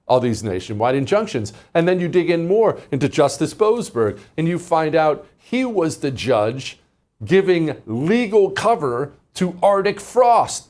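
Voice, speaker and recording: A man's voice: mid-range voice, a little mellow. A man hosting a political commentary monologue, mocking and emphatic, with many rhetorical questions.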